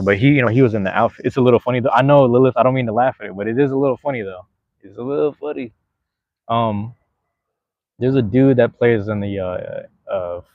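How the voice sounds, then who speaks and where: Man, podcast host, lowish voice, slangy rambling chat, dry dull lo-fi sound. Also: dry recording. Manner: slangy, rambling, laid-back.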